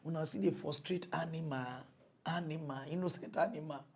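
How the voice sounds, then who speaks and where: A man's voice: a little high, fairly even intonation, a little fast, gravelly, breathy edge. A man with a Nigerian Pidgin accent ranting comically as a mock-news presenter, mocking and exclaiming. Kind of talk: comedy rant in mock news.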